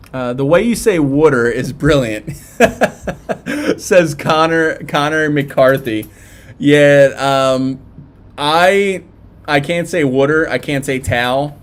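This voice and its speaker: Philly guy doing a chill live stream, reading comments, um-ing a lot, normal pitch. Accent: Philadelphia. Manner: chatty, reads viewer comments aloud, many fillers. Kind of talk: casual live-stream chat.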